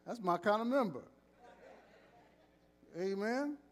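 A man's voice: on the high side, measured pace. Joking pastor leading his congregation. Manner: call-and-response, joking with the congregation. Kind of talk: sermon with announcements. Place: church.

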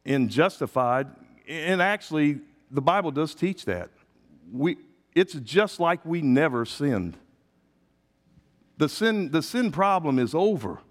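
Middle-aged male pastor, sermon: high lively voice, calls for responses, hall reverb. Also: slow. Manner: call-and-response preaching, swings between quiet asides and loud emphatic peaks.

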